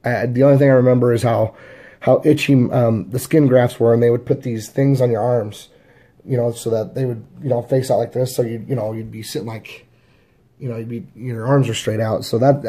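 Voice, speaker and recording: A man in his thirties tells his life story in a loose, rambling way, stopping and restarting often and leaning on fillers. His voice is warm and dark in tone and sits at an ordinary pitch for a man. He is from the Chicago area. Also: steady tone, a little fast. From Chicago area, USA. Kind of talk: casual personal storytelling.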